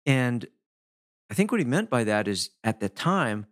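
A man's voice: mid-range voice, measured pace. A middle-aged man hosting his own podcast as a hypnotherapist, talking casually and animatedly, sometimes acting out how people sound. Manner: animated, swooping delivery with playful demonstrations of voices. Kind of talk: casual solo podcast talk.

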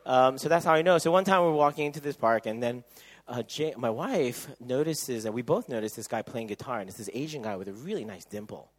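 A man speaking at a youth camp, telling funny stories sermon-style and acting out other people's voices with loud shrieks. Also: medium pitch, fairly quick, hardly any pauses. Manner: animated, acts out quoted voices with loud shrieks. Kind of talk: humorous sermon storytelling.

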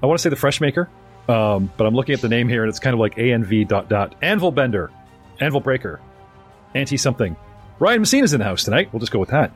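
A man's voice: medium pitch, very animated, fast, husky, faint music behind. A man hosting a live-streamed tabletop game, chatty and rambling as he introduces his players. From North America. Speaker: game master and podcast host.

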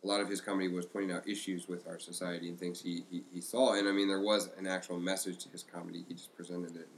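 A man co-hosting a podcast in casual discussion, halting, with many fillers and restarts. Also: low-pitched, flat delivery, a little hiss or hum, rough recording. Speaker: podcast co-host.

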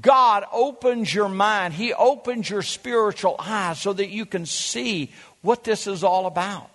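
A man preaching a sermon as pastor, emphatic, with dramatic pauses and drawn-out words. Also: high voice, fairly bright tone, big-room sound.

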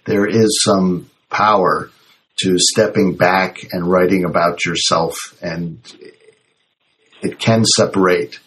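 Deep-voiced male host, reflective. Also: steady tone, slow, a bit bright, a little hiss or hum. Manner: summarizing, reflective. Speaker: host, health practitioner. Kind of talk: interview talk.

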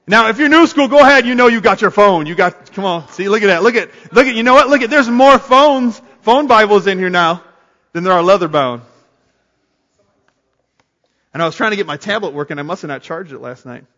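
A man preaching a sermon to a congregation, energetic and calling on them to answer back. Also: high-pitched, quick pace, dull audio. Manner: energetic, calls on the congregation to respond. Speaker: pastor. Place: church sanctuary. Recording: long hall reverb. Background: congregation responding.

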